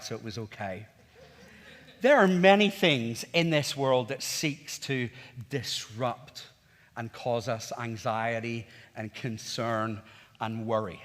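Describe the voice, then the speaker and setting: A man's voice: a little high, fairly bright tone. A man in his forties with a Northern Irish accent, preaching a sermon in a conversational storytelling way, with rhetorical questions. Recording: reverberant church hall.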